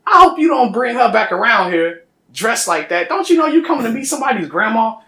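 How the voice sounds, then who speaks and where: A man voicing a blunt, scolding grandmother in her older years, sharp-tongued and without a filter. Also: extremely high pitch, very animated, a little fast, vocal fry, reverberant, voice pushed up, full character voice. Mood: mocking.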